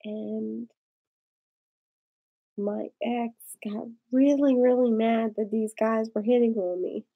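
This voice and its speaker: A drunk woman tells a rambling story with "like" in every line. Her voice sits a little high and comes out husky and breathy. She drawls slowly. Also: steady tone, phone-quality sound. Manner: rambling, lots of "like". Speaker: vlogger. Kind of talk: tipsy casual storytelling.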